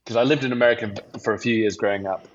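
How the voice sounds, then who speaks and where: English pastor telling stories. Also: male voice, on the low side, steady tone, very fast, a little hiss or hum. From England. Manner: self-deprecating, anecdotal storytelling. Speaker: pastor and podcast guest. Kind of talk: casual podcast conversation. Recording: slightly dull lo-fi audio.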